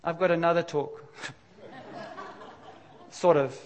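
A man's voice: a little high, moderate pace, lo-fi sound, some chatter behind. A middle-aged man preaching a sermon in a candid, confessional, conversational way, with sudden emphatic bursts. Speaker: pastor.

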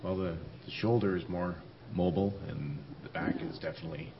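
Shy deep-voiced guy answering quietly, far from the mic, muffled with noise behind. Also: fairly quick. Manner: shy, quiet, laughing nervously. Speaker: congregation member receiving prayer.

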